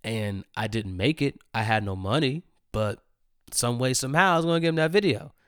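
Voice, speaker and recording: Man, thirties, casual storyteller, slangy, laughs often, middle pitch, dry close sound. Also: lively intonation, a little fast, fairly bright tone, smooth, dry recording. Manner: casual, laughing, slangy, repeats phrases for effect. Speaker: host. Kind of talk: solo storytelling podcast.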